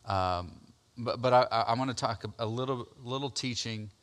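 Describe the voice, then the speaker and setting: This pastor, a man in his thirties, has a medium pitch and a moderate pace as he gives a conversational sermon built on his own testimony. Repeated words and fillers pepper his speech, and he turns loud and excited recounting his story.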